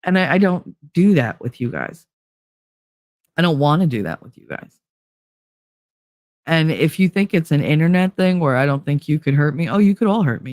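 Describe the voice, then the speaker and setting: A woman's voice: very deep voice, darkish tone, no echo, clean studio sound. A woman hosting a casual livestream who talks bluntly and openly about her feelings, with frequent swearing. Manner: blunt, profane and emotionally open. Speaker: livestream host.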